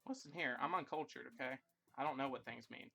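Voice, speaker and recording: Talking fast in a medium-pitched, gravelly, fairly bright voice, a young Irish man hosts a casual livestream. He rambles, jokes, and runs himself down while chatting with viewers, with slight background noise.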